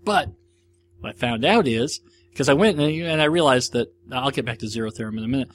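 An American man talks alone into his podcast mic, chatty and enthusiastic as he reviews films. He rambles along with plenty of restarts, at an ordinary pitch for a man, while a faint hum sits behind him. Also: lively intonation, fairly quick. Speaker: podcast host reviewing movies. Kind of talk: casual solo monologue. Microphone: audio-only recording, no video.

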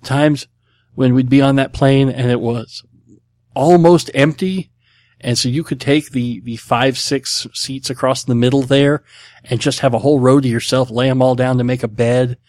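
A man's voice: medium pitch, steady tone, moderate pace, a little mellow, no room sound. A middle-aged man hosting a podcast, answering listener questions in a casual, blunt, rambling way with many fillers. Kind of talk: casual chat.

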